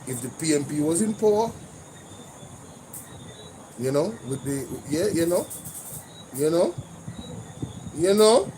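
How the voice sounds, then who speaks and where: A man with a Jamaican accent hosting a casual livestream, animated, mixing patois with English and repeating "you know" often. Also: on the high side, slow pace, pauses often, background noise. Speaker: livestream host.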